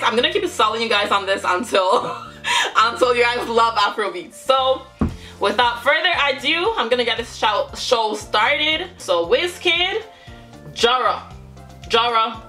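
A woman's voice: medium pitch, sharp tone. A young woman from Nigeria hosting a casual reaction video, exclaiming and laughing often. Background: faint music from the video.

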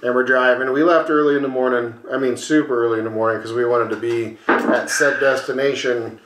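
A man's voice: mid-range voice, fairly quick, echoey room. A man co-hosting a casual podcast, telling a wild road story and acting out the voices as he goes. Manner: animated storyteller, acts out voices, swears freely. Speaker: podcast co-host. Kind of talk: casual storytelling over a beer.

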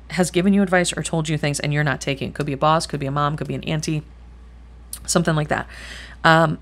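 A middle-aged woman giving a chatty tarot reading to camera, rambling and thinking aloud, swearing casually and speaking bluntly. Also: deep voice. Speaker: tarot reader.

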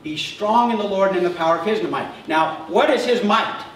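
High-voiced pastor in an echoey church. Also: male voice, fairly quick. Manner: conversational preaching, often checks in with a short "okay?". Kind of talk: sermon. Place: church sanctuary. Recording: echoey church sound heard from a distance with faint noise.

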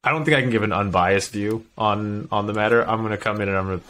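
A man with a deep, low voice co-hosting a casual podcast. He talks in an opinionated, animated way and laughs often. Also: fast talker. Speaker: podcast co-host. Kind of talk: casual chat.

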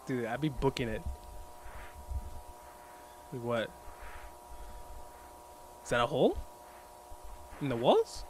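A man hosting a reaction video, excitable and exclaiming a lot as he watches, wearing headphones. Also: mid-range voice, slow, pauses often, slight background noise. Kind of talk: reaction commentary. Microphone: headphones on while reacting.

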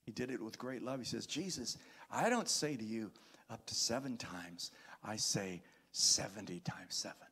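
A man's voice: on the low side, moderate pace, gravelly, fairly bright tone, breathy edge. A man preaching a sermon as pastor, reading scripture aloud with dramatic emphasis and calling out to the congregation. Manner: calls out to the congregation.

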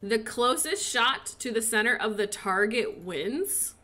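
A woman giving casual commentary on her own game, excitable and cheering as she plays. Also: fairly high pitch, a little slow, faint music behind. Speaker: gaming video creator.

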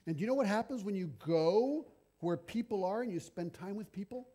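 A middle-aged man preaching a sermon in a lively, conversational storytelling manner. His voice sits high for a man but has a dark, mellow tone. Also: brisk.

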